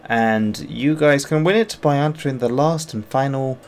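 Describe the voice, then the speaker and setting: With a mid-range voice at normal speed and a little hiss or hum behind it, a man sculpts on a livestream. He thinks out loud, jokes at his own expense, and says hello to viewers as he works.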